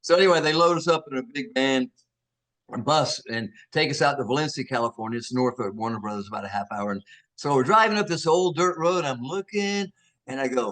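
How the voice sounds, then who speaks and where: An older actor being interviewed, telling animated stories with many restarts and acting out the voices of people he quotes. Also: a little high, fairly quick. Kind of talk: anecdotal storytelling.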